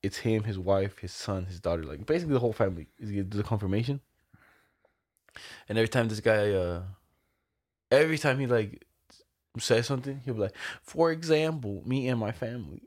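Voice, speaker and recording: A young man telling a story in a casual chat, relaxed and profane, slipping into quoted voices. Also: fairly low pitch, fairly quick, pauses often.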